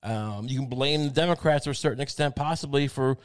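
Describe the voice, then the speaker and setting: A man in a casual, profane, rambling rant, full of fillers and restarts, who bursts into loud mocking quoted outbursts. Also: medium pitch, fairly quick, no echo, studio quality. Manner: acts out mocking quoted rants in a raised voice.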